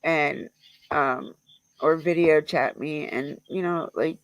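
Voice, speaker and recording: A grieving livestreamer who talks in a halting, rambling way, with many fillers and restarts, recorded on a close mic. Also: mid-range voice, steady tone, no echo, poor audio. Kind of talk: emotional memorial livestream talk.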